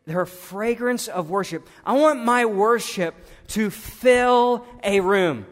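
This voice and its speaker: A man preaches in a church, his voice pitched fairly high for a man. He swings from loud, urgent appeals down to hushed, intimate tones. The sound carries a long reverb from the hall. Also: slow, few pauses. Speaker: pastor. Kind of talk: sermon. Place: church sanctuary.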